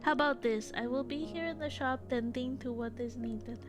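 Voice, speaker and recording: Woman voicing a gentle, patient tea-shop man, soft and unhurried, pitched high. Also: music in the background, lightly acted. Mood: calm. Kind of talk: reading game dialogue aloud.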